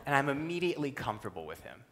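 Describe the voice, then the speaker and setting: A young man speaks on a stage with lively, humorous storytelling. His voice sits in a medium register, and he drops lower and quieter whenever he acts out what someone else said. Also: racing. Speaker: speaker at a youth conference talk. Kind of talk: personal storytelling speech. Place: stage before a live audience.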